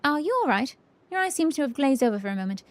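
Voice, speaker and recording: A woman's voice: sits high, sing-song, quick pace, no echo, pitched above the performer's own voice. A woman voicing a fussy, pompous male scholar in a video game, reading with formal, old-fashioned speech. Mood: prim.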